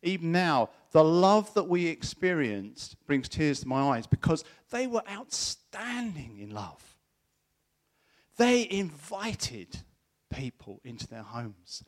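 Speaking slowly in a voice on the high side, this middle-aged preacher shares a personal anecdote during his sermon. He tells it with energy, acting out the voices of those he quotes.

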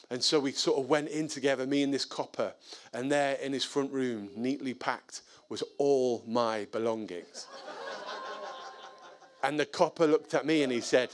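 A man telling a personal story in an animated, self-deprecating way. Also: mid-range voice, moderate pace. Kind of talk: storytelling talk.

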